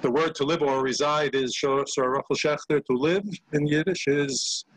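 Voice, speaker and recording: Older man, Yiddish performer, slightly high voice, halting chat, dry video call sound. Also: no room sound, rough recording. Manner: hesitant, many fillers when talking, lively when singing. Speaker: Yiddish actor and singer, guest. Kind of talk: casual video-call chat with sung comic song.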